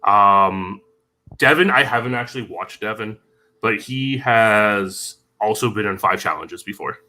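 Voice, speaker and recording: A man guests on a casual podcast and talks about the topic with clear knowledge. His voice sits low but has a very sharp, bright edge. He speaks in a measured way and often says um. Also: poor audio. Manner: knowledgeable, measured, many ums.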